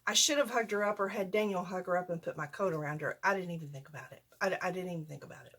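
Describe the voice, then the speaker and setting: A woman's voice: fairly low pitch, racing, fairly bright tone, husky. Folksy older woman, rambling, self-deprecating storytime vlogger. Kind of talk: casual storytime.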